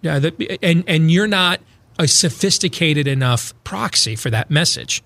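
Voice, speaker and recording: An animated male talk show host with a fairly bright tone takes his time, speaking unhurriedly. He riffs on politics comedically, mocking others through sarcastic paraphrase and sudden high impressions.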